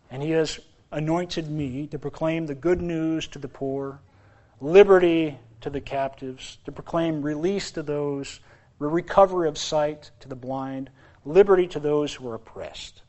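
A man preaching a sermon as pastor in his church, moving between loud exclamations and quiet asides. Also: fairly high pitch.

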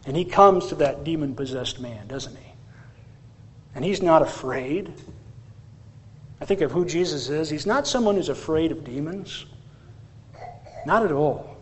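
Man, pastor, sermon, lively questioning delivery, higher voice. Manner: animated, rhetorical questions to the congregation.

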